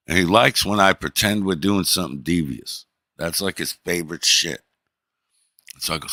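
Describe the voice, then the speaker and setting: A middle-aged man streaming, telling a story in a profane, animated way and acting out the people in it. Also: low-pitched, moderate pace, no echo, clean studio sound. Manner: profane, animated, acts out the people in his stories. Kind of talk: casual storytelling.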